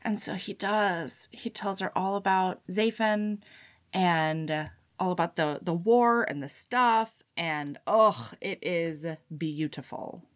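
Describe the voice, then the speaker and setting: A woman hosting a casual chat, retelling a story with lively asides and quick character voices. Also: fairly low pitch. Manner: animated storyteller acting out characters' lines. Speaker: podcast host recapping a book.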